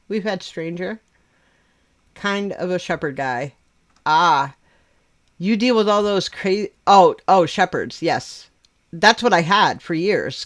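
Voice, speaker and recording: A livestream host who chats casually and bluntly, swearing freely and laughing often. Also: medium pitch.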